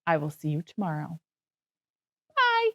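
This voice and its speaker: A woman's voice: fairly high pitch, lively intonation, unhurried. A woman kindergarten teacher wrapping up a lesson for young children in a cheerful, encouraging way. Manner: cheerful, sing-song, encouraging. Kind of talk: classroom wrap-up for young children.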